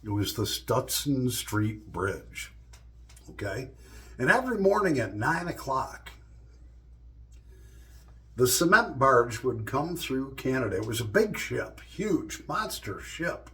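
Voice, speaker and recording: A middle-aged man tells casual stories straight to the camera in a loose, joking way, with plenty of profanity. His voice sits at an ordinary middle pitch for a man. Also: big pitch swings, takes it slowly, bright, forceful tone. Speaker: vlogger. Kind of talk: casual storytelling monologue.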